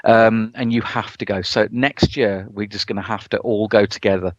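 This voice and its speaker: A man telling a story in a relaxed podcast chat. He talks enthusiastically and fills gaps with "um" and "you know". The recording is dry and a bit muffled and lo-fi. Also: lowish voice, normal speed, no room sound. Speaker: podcast co-host. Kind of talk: casual chat. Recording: dull, lo-fi podcast audio.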